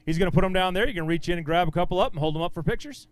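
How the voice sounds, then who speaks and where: A man's voice: high-pitched, rapid-fire, dry recording. A man emceeing a fishing tournament weigh-in on an outdoor stage, upbeat and encouraging as he bantes with the anglers. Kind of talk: live weigh-in announcing.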